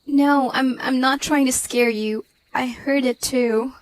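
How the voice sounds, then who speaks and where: A woman's voice: high voice, steady tone, slow, no echo. A woman voicing a worried young woman talking on the phone, stammering and growing panicked in a storytelling narration. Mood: frightened. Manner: anxious, stammering, rising to panicked shouts.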